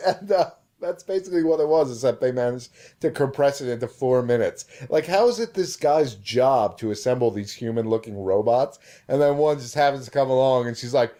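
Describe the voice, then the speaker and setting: A man's voice: mid-range voice, expressive, moderate pace, warm tone. A man co-hosting a podcast in casual comedic chat, retelling things animatedly and mimicking people he quotes. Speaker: podcast co-host.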